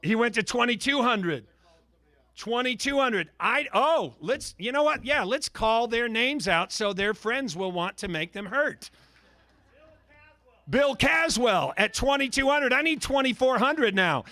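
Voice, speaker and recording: A man working as a charity auctioneer, calling bids in lively patter and teasing bidders by name with jokes. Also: very high voice, unhurried, no room sound.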